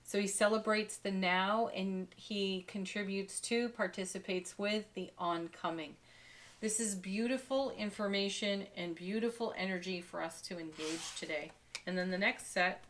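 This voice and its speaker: A woman giving a daily tarot card reading, speaking softly and warmly with gentle enthusiasm and frequent light laughs. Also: medium pitch, measured pace, a little hiss or hum. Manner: soft, spiritual, gently enthusiastic, laughs often.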